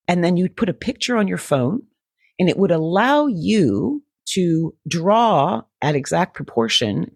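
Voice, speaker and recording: A woman co-hosting a podcast in casual chat, animated and swearing casually. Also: fairly low pitch, no room sound, clean studio sound. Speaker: podcast co-host.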